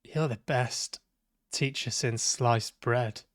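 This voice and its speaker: Male streamer, unhurried and sardonic, dry close sound, swears freely. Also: mid-range voice, no echo. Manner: sweary, sarcastic, talks back at the characters. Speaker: game streamer. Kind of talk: live let's-play commentary.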